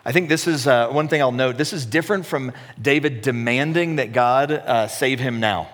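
A man's voice: mid-range voice, normal speed, fairly bright tone. Man, pastor, sermon, conversational, self-deprecating humor, long hall reverb. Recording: echoey hall.

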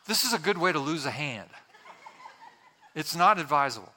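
A male pastor preaches in a church, his bright, forward voice leaning into jokes and playful asides. He tells everyday stories in a chatty, storytelling way and slips briefly into the voices of the people in them. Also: on the high side, expressive, moderate pace. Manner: jokey, conversational storytelling with acted-out quotes. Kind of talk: humorous sermon. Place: church with congregation.

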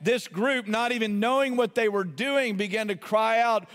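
A man's voice: sits high, moderate pace, hardly any pauses. Impassioned preacher man in echoing hall. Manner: impassioned, builds to shouted cries, self-correcting asides. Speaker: pastor. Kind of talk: sermon.

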